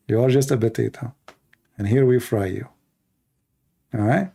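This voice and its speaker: A man with a mellow, darker voice hosting a livestream. He rants in a sarcastic, mocking tone, often slipping into jeering impressions of others. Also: medium pitch, normal speed, gravelly, long pauses, breathy edge. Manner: mocking, sarcastic, acts out opponents. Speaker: livestream debate host. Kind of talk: casual livestream rant.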